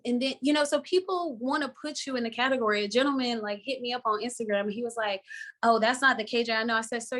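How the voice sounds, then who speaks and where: A Southern-accented actress from Florida speaks with emphasis and laughs often during a live interview over an online video call. Her voice sits a little high and has a fairly bright tone.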